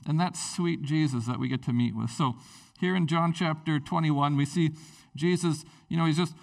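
Guy preaching a laid-back sermon, chatty and animated, mic a bit far off. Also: on the high side, moderate pace, creaky. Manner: conversational, animated preaching with many fillers. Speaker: pastor.

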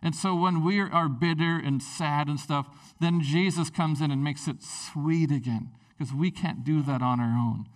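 A man's voice: a little high, measured pace, few pauses. Conversational man preaching from a distance. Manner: conversational, animated preaching with many fillers. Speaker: pastor. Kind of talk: sermon.

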